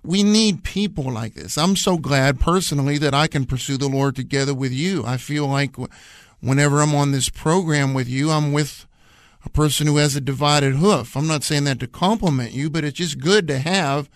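A man with a fairly high voice co-hosts a radio Bible study, teaching earnestly at a normal speed and repeating phrases to press his points home. There's no room sound.

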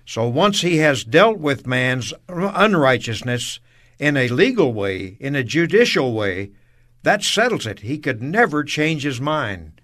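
A man's voice: mid-range voice, sing-song, unhurried, fairly bright tone. A man co-hosting a religious radio discussion, speaking earnestly and affirming what was said. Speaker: co-host.

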